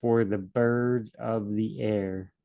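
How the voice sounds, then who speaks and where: A man's voice: on the low side, steady tone, slow pace, vocal fry, highs cut off. A man leading a casual Bible study, thinking aloud and adding joking asides as he reads verses.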